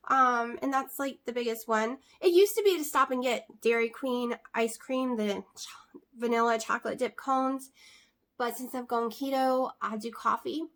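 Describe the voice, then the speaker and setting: A high-pitched woman talks casually to her camera. She rambles warmly from one aside to the next, full of little fillers. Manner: chatty, many fillers and asides. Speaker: vlogger.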